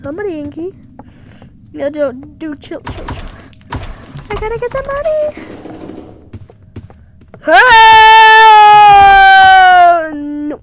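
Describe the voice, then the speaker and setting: A woman's voice: high voice, sing-song, unhurried, pauses often, noisy background. A woman giving playful let's-play commentary, singing to herself and bursting into shrieks. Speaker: gamer.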